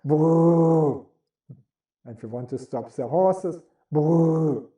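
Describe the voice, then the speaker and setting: A man giving a spoken lesson on how to use the voice, in deliberate, non-native English and demonstrating sounds as he goes. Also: medium pitch, animated, dark tone. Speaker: voice and speaking coach. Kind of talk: instructional talk on speaking. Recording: roomy echo.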